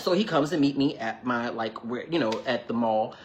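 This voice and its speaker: A man hosting a livestream, telling a personal story to viewers in a chatty, animated way, often acting out quoted dialogue and thanking people between lines. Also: medium pitch, moderate pace, a little hiss or hum. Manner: chatty and animated, full of "like" and "you know". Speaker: livestream host. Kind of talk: casual storytelling to a live audience.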